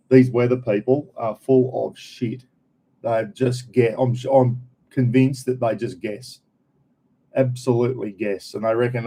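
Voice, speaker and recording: Male North Queensland Aussie host, casual live chat, mellow tone, rambling and slangy. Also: mid-range voice, little pitch movement, normal speed. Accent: North Queensland Australian. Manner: laid-back, rambling, broad colloquial slang. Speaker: vlogger. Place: home, indoors.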